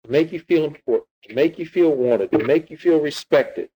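A man's voice: on the high side, normal speed, warm tone, breathy edge, rough recording. Man preaching a sermon. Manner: teaching, retelling scripture with rhetorical questions. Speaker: pastor.

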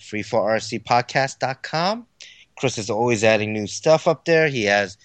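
A man's voice: medium pitch, no echo. Easygoing male podcast host, dry sound. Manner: easygoing, reads out listener names and plugs. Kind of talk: casual podcast chat.

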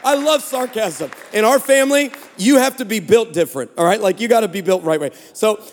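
High-voiced man preaching with jokes. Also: a little fast, a faint crowd, a little hiss or hum. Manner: animated, sarcastic, joking. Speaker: guest preacher. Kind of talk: comedic storytelling sermon. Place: large church hall. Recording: long hall reverb.

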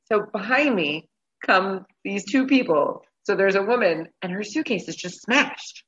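A woman, a guest on a show, telling a travel story in a casual, animated way and acting out her own reactions. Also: medium pitch, measured pace, muffled recording.

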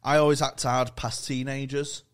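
A man's voice: medium pitch, flat delivery, moderate pace, clean tone. A male comedian guest telling rambling, sweary anecdotes in casual podcast chat.

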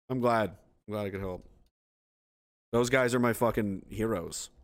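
A man's voice: on the low side, normal speed, pauses often. A man streaming live, reading viewer comments and ranting in a rambling, profane way while laughing at his own jokes.

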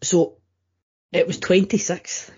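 A man's voice: sits high, little pitch movement, takes it slowly, a little mellow. A man co-hosting a casual podcast, stammering and restarting his sentences often. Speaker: podcast co-host. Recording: dull lo-fi audio.

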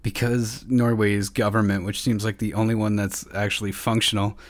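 A man with a fairly low voice chats loosely as a podcast co-host. He rambles, swears freely and pokes fun at himself, and his voice sounds dry and close to the mic. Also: level tone, normal speed, no room sound. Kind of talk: casual podcast chat.

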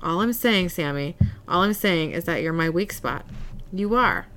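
A hardened demon hunter, a grown man who talks gruff and clipped, as a woman reads him aloud. The delivery drops a little lower and quieter than a plain recap. It keeps a blunt, curt edge. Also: lively intonation, normal speed, slight background noise. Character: hardened brooding adult male demon hunter.

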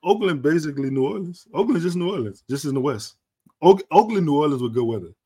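A man co-hosting a casual podcast, laid-back and halting, often restarting his sentences as he thinks. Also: fairly high pitch, lively intonation, mellow, slightly rough. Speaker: podcast co-host. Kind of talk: casual sports and culture chat.

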